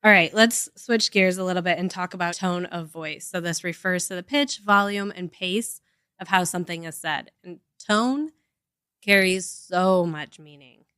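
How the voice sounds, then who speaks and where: A woman's voice: fairly low pitch, normal speed, sharp tone, clear, resonant tone, no echo, studio quality. A woman co-hosting a casual podcast chat, explaining with examples and lots of "like" and "right?". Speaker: podcast co-host.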